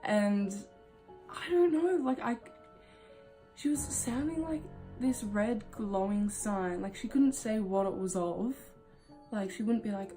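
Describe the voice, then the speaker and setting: A woman with a soft, mellow voice tells a casual storytime to camera, rambling and chatty. She laughs often and drops casual swear words. Faint music plays quietly behind her. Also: mid-range voice, slow. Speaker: vlogger.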